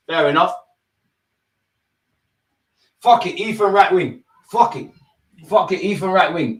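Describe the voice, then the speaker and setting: A young man hosting a football watch-along, reacting live, shouting at players and the referee in heavy slang. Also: high-pitched, unhurried, long pauses, slightly rough. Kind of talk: live match reaction commentary.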